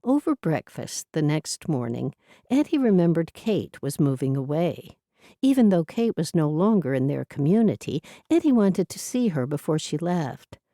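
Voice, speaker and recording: A woman narrating an audiobook in measured storytelling. Her voice is low and mellow with a lively, varied pitch, recorded close and dry. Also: no echo. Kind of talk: scripted narration.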